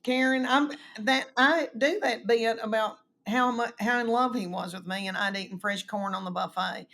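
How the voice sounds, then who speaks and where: A woman's voice: on the high side, normal speed. A middle-aged woman with an East Tennessee Southern accent, telling folksy stories as a guest in a casual chat. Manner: animated, folksy storyteller who acts out quotes. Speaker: guest comedian.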